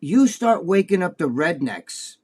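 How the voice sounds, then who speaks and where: Brief: high-pitched man, crude blunt podcast co-host, swears freely. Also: big pitch swings, measured pace, darkish tone. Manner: blunt, crude storyteller, acts out voices. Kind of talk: casual profane chat.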